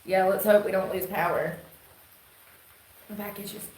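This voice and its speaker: A woman's voice: mid-range voice, steady tone, measured pace, a little mellow. Twangy North Carolina woman, echoey room. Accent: North Carolina Southern twang. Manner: drawling, blunt, swears casually. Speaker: live streamer. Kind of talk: casual rambling chat to viewers. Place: indoor room, rain outside. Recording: echoey room, faint noise.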